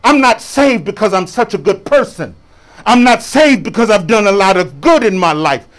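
Speaking at a normal speed, a bishop preaches a sermon from the pulpit in a high, lively voice that swoops up and down. His delivery is loose and colloquial, and he keeps pulling the congregation into call and response.

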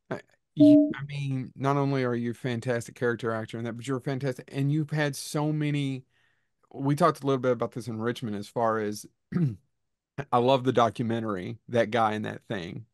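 A man's voice: medium pitch, creaky, no room sound, studio quality. A man hosting a podcast interview, asking long, eager questions full of praise for his guest's work. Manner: enthusiastic, asks rambling questions. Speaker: podcast host. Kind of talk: casual interview.

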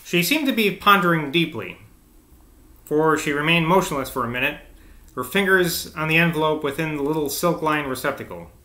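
Guy reading a novel out loud, chatty asides, kinda high bright voice, echoey room. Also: expressive, a little fast. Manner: informal, chatty, self-interrupting. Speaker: audiobook reader.

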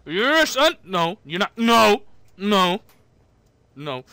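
A gaming channel host doing let's-play commentary, hyper and excitable, jumping between sudden yelps and low mutters and trash-talking opponents. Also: extremely slow, pauses often, clean tone, dry recording.

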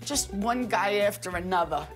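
A woman's voice: mid-range voice, expressive, moderate pace, music in the background. An older woman from Brooklyn with a Brooklyn accent, bluntly fumbling her lines on a TV set. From Brooklyn, New York. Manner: blunt, salty, unpolished line reading. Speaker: prank target acting a bit part. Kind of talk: casual chat on a TV set.

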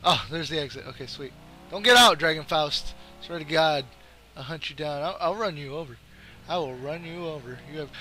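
A young man commentating his own gameplay, trash-talking and often breaking into yells. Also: on the high side, moderate pace, a little hiss or hum. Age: young adult. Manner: excitable, trash-talking, swings to yelling.

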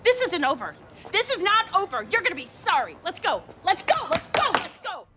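An actress playing a furious, foul-mouthed mother who rants loudly and explosively at a school meeting, in a film comedy. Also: extremely high pitch, very animated, brisk, very noisy. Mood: outraged. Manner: loud, explosive, profane ranting.

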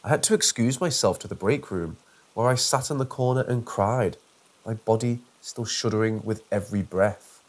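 A man narrating a first-person horror story in a steady, measured reading voice. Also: lowish voice.

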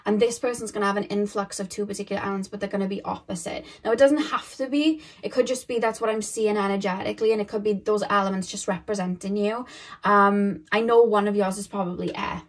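A woman's voice: medium pitch, steady tone, fast talker. A young woman giving a casual, rambling tarot reading to camera, laughing often and acting out little quoted voices. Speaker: tarot reader.

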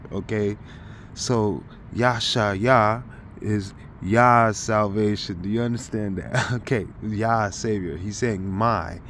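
A man giving an informal scripture study talk, thinking aloud with halting restarts and sudden bursts of excited realization. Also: lowish voice, a little hiss or hum. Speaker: Bible teacher.

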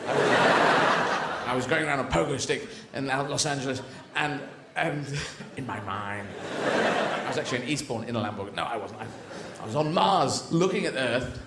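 A man doing live stand-up, rambling and excitable, swearing freely and jumping into voices. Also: mid-range voice, moderate pace, vocal fry. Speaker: stand-up comedian. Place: live comedy venue. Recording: echoey live venue with background noise.

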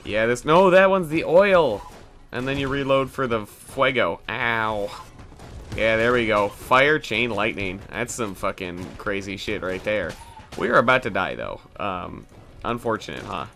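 A young man hosting a gaming video gives casual let's play commentary on his own gameplay in a fairly low, creaky voice that's pushed and bright. He curses, jokes, mocks himself, and breaks into quick bursts of mock panic, with soft music playing in the background.

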